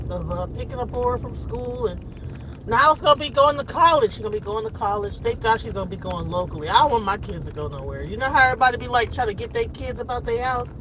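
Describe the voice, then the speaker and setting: A woman from Detroit in her forties, chatting casually and rambling heartfelt to camera on a school run. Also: a little high. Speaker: vlogger and mother. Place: inside a car on a school run. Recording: car road noise behind.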